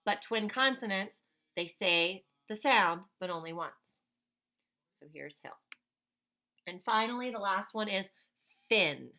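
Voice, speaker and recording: A woman teaching a phonics lesson to young children. She talks slowly and patiently, sounding out each word, and her voice is bright. She speaks in a clear, even teaching tone. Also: mid-range voice. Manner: slow, patient, sounds out words.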